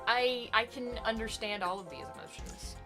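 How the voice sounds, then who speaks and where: A woman's voice: fairly high pitch, moderate pace, music in the background. A woman co-hosting a game stream, bantering playfully and giggling often. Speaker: let's play streamer, co-host. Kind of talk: casual game-stream chat.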